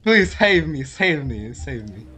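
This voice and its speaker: A fairly high-pitched man talking over a game, his voice swinging wildly up and down. He drawls his words slowly, swears freely and throws "bro" into nearly every line. Faint game music plays underneath. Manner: excitable, swears often, constantly says "bro". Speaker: gaming video creator. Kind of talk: live gameplay commentary.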